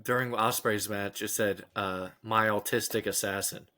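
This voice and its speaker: A man's voice: on the low side, fairly even intonation, normal speed, sharp tone. A man hosting a casual podcast chat, running the rundown and steering his co-hosts. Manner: runs the rundown, steers the others. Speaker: podcast host leading the segments.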